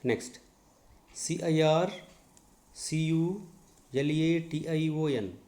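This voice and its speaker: A male English teacher giving a lesson, spelling words letter by letter and repeating each one slowly. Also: a little high, a little mellow. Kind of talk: classroom lesson on syllables. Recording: echoey room.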